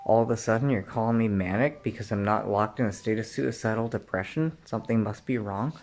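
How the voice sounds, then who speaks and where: A man delivering an angry, profane rant straight to the listener, often clearing his throat and rising to shouts. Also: on the low side, fairly quick, few pauses, soft background music. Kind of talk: angry direct-to-camera rant.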